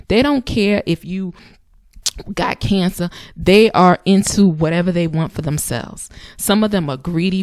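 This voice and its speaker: Emphatic woman with a low voice. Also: a little mellow, dry recording, clean studio sound. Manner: emphatic, conversational, with repeated phrases. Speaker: channel host. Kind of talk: casual advice talk.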